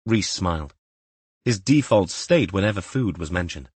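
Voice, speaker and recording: Low-voiced male audiobook narrator. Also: expressive, normal speed, a little mellow, husky, no room sound. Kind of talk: scripted narration.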